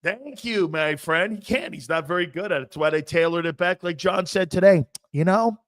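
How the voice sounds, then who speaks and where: A man in his fifties talking football as a guest on a casual sports show, brash and joking, jumping between loud bursts and mutters. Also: a little high, a little fast. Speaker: guest analyst.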